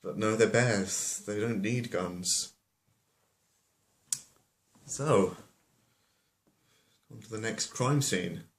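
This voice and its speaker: A man's voice: on the low side, drawn-out words, long pauses. A man telling a fairy tale as a comedy, rambling with offhand asides. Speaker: storyteller. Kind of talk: comic storytelling. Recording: roomy echo.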